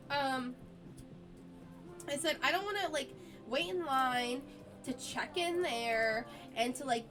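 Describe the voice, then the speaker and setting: A woman streamer, sick with a cough, chatting casually and telling a story in an exasperated way, full of "like" fillers. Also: fairly high pitch.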